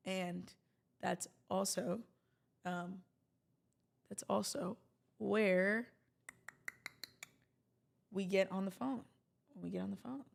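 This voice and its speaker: A woman's voice: medium pitch, gravelly, a bit bright. A woman hosting a livestream, talking casually to her viewers in a chatty, rambling way with jokey asides. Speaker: livestream host.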